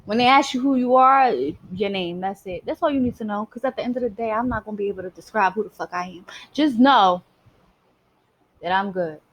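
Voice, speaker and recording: A woman's voice: medium pitch, fairly quick, dull audio. A woman giving a casual spiritual monologue, emphatic and streetwise, swearing freely. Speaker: spiritual vlogger.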